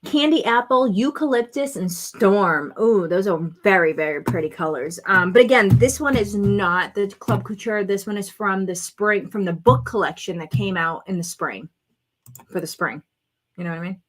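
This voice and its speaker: Talking at normal speed in an animated, medium-pitched voice, a woman does a craft project at home on her vlog. She casually chats with viewers, describes what she's doing and gets excited over colors.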